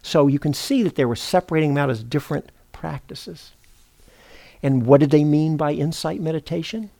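A middle-aged man giving a meditation teaching at a retreat center, speaking in an unhurried, thoughtful way, often pausing to correct himself. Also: fairly high pitch, creaky, warm tone. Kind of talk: dharma talk.

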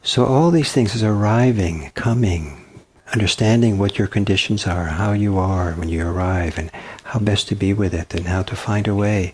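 A man giving a dharma talk as a meditation teacher, soft-spoken and halting, with many pauses and restarts. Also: fairly low pitch, slightly rough.

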